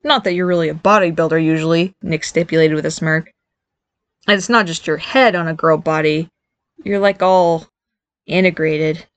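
A woman's voice: low-pitched, fairly even intonation, moderate pace, dull audio, close to an everyday voice. A woman voicing a blunt, tactless teenage boy teasing his brother in a storybook reading.

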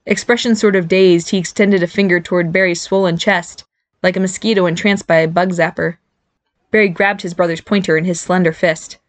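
A woman narrating a novel in an even, clear storytelling manner. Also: on the low side, brisk, no room sound. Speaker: audiobook narrator. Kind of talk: scripted narration.

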